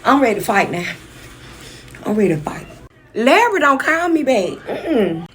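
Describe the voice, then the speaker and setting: A woman telling a personal story in a casual vlog, blunt, profane and indignant, with sudden shouts. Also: fairly high pitch, sing-song, measured pace, long pauses, noisy background.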